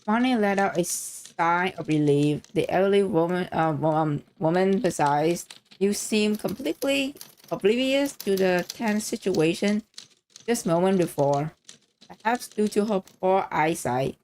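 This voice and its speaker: A woman streamer reading a story game aloud, reacting excitedly and swearing freely between lines. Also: lowish voice, unhurried, a little hiss or hum.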